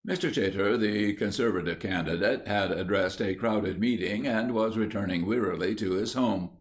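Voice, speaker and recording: A man narrating a children's storybook in an even storytelling manner. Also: fairly low pitch, moderate pace. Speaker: audiobook narrator. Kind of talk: scripted narration.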